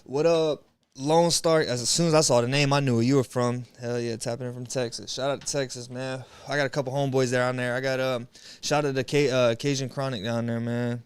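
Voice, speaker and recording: With no room sound, the clear, resonant voice of a young streamer comes through at medium pitch, steady in tone and a little quick. He rambles laid-back on his livestream, using slang, swearing frequently and greeting viewers as they show up.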